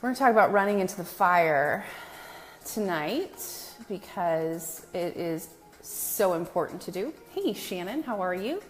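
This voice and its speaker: A woman's voice: on the low side, expressive, a little slow, faint music behind. A woman hosting a casual live stream from her home, greeting viewers by name in a chatty, self-deprecating way. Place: new home with a brick wall, indoors.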